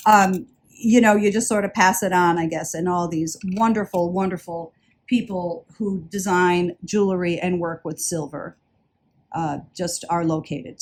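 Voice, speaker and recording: A woman vlogging a casual haul video about jewelry she bought, chatty and enthusiastic, often repeating words for emphasis. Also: lowish voice. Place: indoors, traveling.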